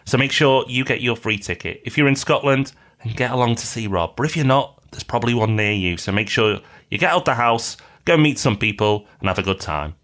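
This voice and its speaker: A man co-hosting a property podcast, reading reviews and giving brisk, playful promos. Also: medium pitch, lively intonation, a bit bright. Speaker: podcast co-host. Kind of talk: casual chat.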